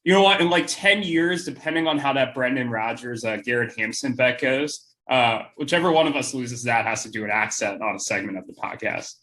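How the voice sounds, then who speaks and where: Young male podcast co-host, mid-pitched, loose and chatty, laughs a lot, lots of ums. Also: brisk, hardly any pauses, pushed and bright. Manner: laughing often, many fillers. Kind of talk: casual chat.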